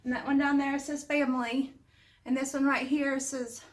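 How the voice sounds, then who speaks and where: High-voiced chatty woman decorating her home. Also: little pitch movement, normal speed. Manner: chatty and homey, with lots of small asides. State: under the weather, with the odd cough. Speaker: home decor channel host. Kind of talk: casual chatty decorating vlog. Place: living room at home, indoors. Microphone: camera set up nearby, moved around while she talks.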